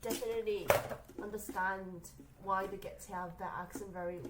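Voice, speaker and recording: In a very noisy recording, a young woman from South Korea hosts a casual solo podcast from her small room, speaking English as a second language and rambling with plenty of fillers and restarts. Her medium-pitched voice is steady, at a normal speed.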